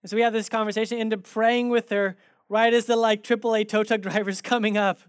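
Male pastor, conversational sermon delivery, animated anecdotes, dry close recording. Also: high voice, quick pace, clear, resonant tone, dry recording. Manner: animated, acts out quoted dialogue in his stories.

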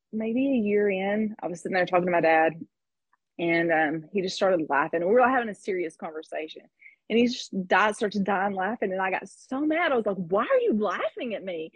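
A woman's voice: medium pitch, moderate pace, slightly rough, no room sound, dull audio. A woman in her thirties telling a personal story in conversation, candid and reflective, with laughs between thoughts. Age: 30s. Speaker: guest.

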